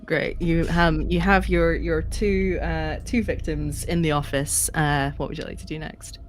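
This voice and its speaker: Brief: woman game master, low voice, halting descriptive narration. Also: level tone, slight background noise. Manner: hesitant, filler-heavy narration.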